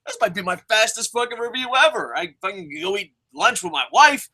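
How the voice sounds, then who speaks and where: A young man hosting a show, talking in a casual, sarcastic and excitable way with lots of swearing. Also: high-pitched, a little fast, low-quality recording. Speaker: show host reviewing. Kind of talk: casual profane commentary.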